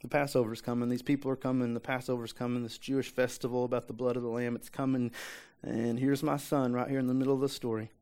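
A man's voice: medium pitch, flat delivery, fast, hardly any pauses, darkish tone. A male pastor preaches in a casual, conversational way. He hammers his points home by repeating them and keeps asking the room rhetorical questions. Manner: repetitive emphasis, rhetorical questions. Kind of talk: conversational sermon.

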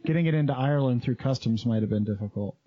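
A man co-hosting a podcast, joking and quick to laugh in casual chat. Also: medium pitch, highs cut off. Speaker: podcast co-host.

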